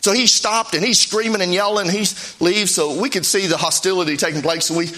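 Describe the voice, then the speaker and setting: A man preaching a sermon in a conversational, storytelling way, his pitch swinging up and down as he recounts events. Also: fairly even intonation, fairly quick, sharp tone. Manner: conversational, pitch swings up and down while telling stories.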